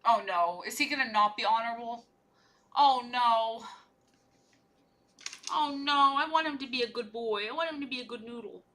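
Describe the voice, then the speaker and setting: A woman's voice: on the high side, normal speed, pauses often, bright, forceful tone. A young woman chatting casually and playfully while she paints miniatures on a livestream, rambling from one joke to the next.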